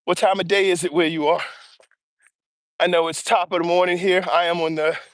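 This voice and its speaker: Male livestream host, breathy on the move, energetic and chatty, high voice, dry close mic. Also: fairly quick, dry recording. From US East Coast. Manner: energetic, chatty, greets viewers by name. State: audibly breathing hard while walking. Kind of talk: casual livestream chat while walking. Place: outdoors on an early-morning walk. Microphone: earbuds or small mic.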